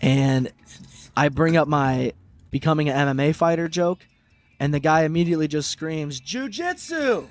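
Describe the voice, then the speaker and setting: A man co-hosting a podcast, a stand-up comic who tells animated stories and acts out hecklers. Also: on the high side, normal speed. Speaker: co-host, stand-up comedian. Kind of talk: casual podcast chat.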